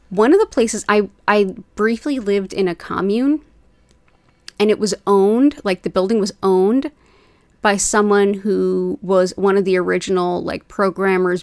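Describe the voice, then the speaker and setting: A woman's voice: mid-range voice, measured pace, gravelly, a little mellow, no echo. A woman in her forties hosting a livestream, chatting casually and rambling with viewers. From United States. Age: 40s. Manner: chatty, rambling, says "like" often. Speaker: Reiki livestream host. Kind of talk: casual chat with live viewers.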